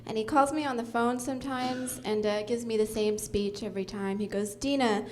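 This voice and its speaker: A young woman doing a deadpan stand-up comedy set on a club stage, with many ums and uhs. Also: on the high side, brisk, slight background noise.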